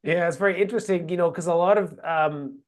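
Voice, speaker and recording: A male host with a somewhat high voice leads a live astronomy Q and A. He reads viewer questions and introduces topics in a relaxed way, with plenty of fillers. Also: fast. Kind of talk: live Q and A hosting.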